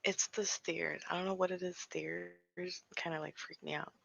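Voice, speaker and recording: A woman's voice: fairly low pitch, fairly even intonation, normal speed, creaky, a bit bright. Nervous whispering woman, lo-fi sound. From Pennsylvania. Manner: nervous, laughs often and drops to whispers. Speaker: paranormal vlogger. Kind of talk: casual storytelling and ghost-hunting session. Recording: slightly dull lo-fi sound.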